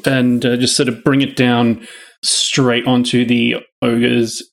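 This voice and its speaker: Slow-talking man playing a tabletop game. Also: medium pitch, level tone, gravelly. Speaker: player.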